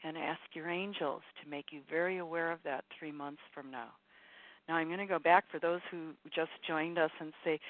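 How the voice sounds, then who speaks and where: A woman spiritual teacher giving an encouraging, rambling talk on a call-in show, repeating her points with many fillers. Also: on the low side. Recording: tinny phone line, dry.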